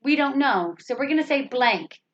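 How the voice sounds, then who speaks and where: A woman with a high, expressive voice speaks at a normal pace while she patiently works through a slow English grammar lesson, repeating example sentences and posing rhetorical questions. The lo-fi recording sounds slightly dull and carries a faint hiss or hum.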